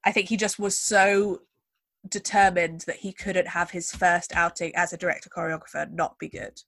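A woman's voice: on the low side, flat delivery, normal speed, gravelly, a bit bright, no echo. Woman, podcast host, wry storyteller, dry close recording. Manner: chatty, wry storyteller with asides. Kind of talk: casual chat.

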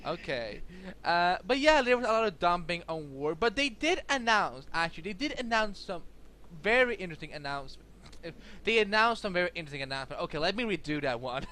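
A young man co-hosting a podcast in casual chat, excitable and rambling, with lots of fillers and restarts. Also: sits high, a little fast, slight background noise. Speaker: podcast co-host.

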